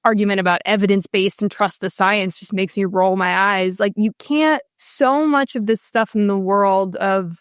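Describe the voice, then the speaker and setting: A woman's voice: medium pitch, normal speed, hardly any pauses, clean tone, dry recording. Woman, interview guest, impassioned, emphatic, dry sound, restarts often. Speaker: guest author. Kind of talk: candid interview conversation.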